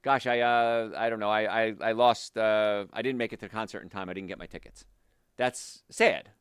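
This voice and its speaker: A man hosting a health show gives an emphatic, animated motivational talk directly to his listeners. His lowish voice is clear and resonant at a moderate pace, recorded in studio quality with no room sound.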